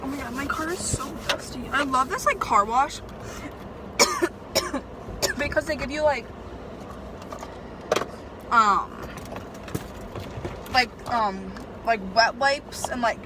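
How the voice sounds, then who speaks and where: A woman's voice: sits high, lively intonation, takes it slowly, long pauses, heavy background noise. A young woman chatting casually for her vlog from her car and a car wash, flustered and full of "like" and "literally". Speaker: vlogger.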